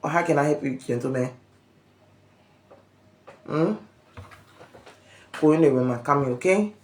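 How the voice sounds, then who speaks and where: A woman's voice: low-pitched, a little slow, darkish tone. Chatty woman in an echoey room. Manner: chatty, tells the story with voiced quotes. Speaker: vlog host. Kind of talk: casual gossip chat. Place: at home. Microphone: phone.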